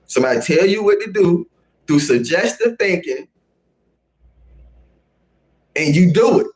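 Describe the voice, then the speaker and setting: A male live-streamer lectures and scolds his chat. He keeps repeating his lines and threatens to boot people, his voice sitting slightly high for a man. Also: expressive, a little slow, darkish tone. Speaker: livestream host. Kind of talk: casual live-stream rant.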